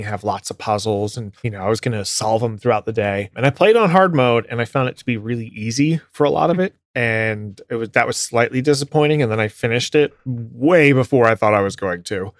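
A man co-hosting a podcast in casual chat, talking in a relaxed, rambling way. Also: mid-range voice, no room sound, studio quality. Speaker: podcast co-host.

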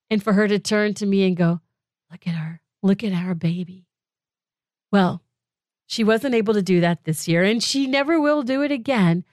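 A middle-aged woman talks through a personal monologue on her podcast. She is heartfelt and emphatic, leaning on repeated phrases, at an everyday pitch for a woman. The recording is dry, with little room sound. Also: no room sound. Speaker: podcast host.

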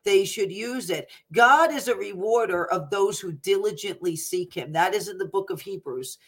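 A woman's voice: medium pitch, moderate pace, breathy edge. A woman hosting a ministry talk show, exhorting her listeners with urgency. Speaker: host.

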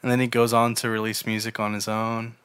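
A young man co-hosting a casual podcast, relaxed and joking, laughing easily. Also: lowish voice, a little fast, clear, resonant tone, dry recording. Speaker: podcast co-host. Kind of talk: casual chat.

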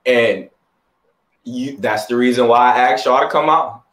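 A man's voice: medium pitch, a little slow, a bit bright, reverberant. A male host asking his guests a casual, hesitant question, with laughs and fillers. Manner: laid-back, hesitant, laughing.

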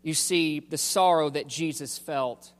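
Slow, emphatic preacher in a reverberant hall. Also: male voice, fairly high pitch. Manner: slow, emphatic preaching with pauses and repeated phrases. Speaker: pastor. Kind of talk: sermon.

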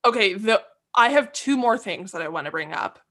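A woman co-hosting a casual podcast, voicing strong opinions with plenty of emphasis. Her pitch sits in a typical middle range, and she often rises to make a point. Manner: animated, opinionated, quick to vent. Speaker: podcast co-host. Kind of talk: casual chat.

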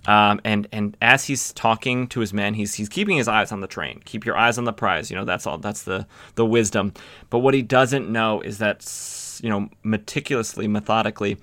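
Man, comic podcast host, casual rambling recap, lots of fillers, bright tense tone, dry close mic. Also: fairly low pitch, fairly even intonation, fairly quick, dry recording. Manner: rambling, many fillers and restarts, acts out quotes.

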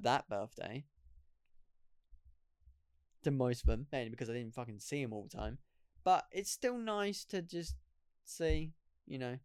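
Young man, casual solo podcast chat, smooth voice, dry close sound, rambling and self-mocking. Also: mid-range voice, a little mellow, dry recording. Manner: rambling, self-deprecating, laughs at himself. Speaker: podcast host.

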